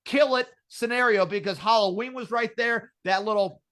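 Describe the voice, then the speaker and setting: Man, podcast host, high voice, casual chat, profane ranting, filler words. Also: moderate pace, fairly bright tone.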